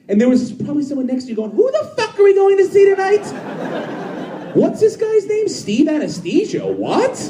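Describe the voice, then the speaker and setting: Performing stand-up live in a club, this thirtysomething comic is brash and foul-mouthed, bantering with the audience in a high, mellow voice. A distant mic captures the echoey room, the crowd and their laughter.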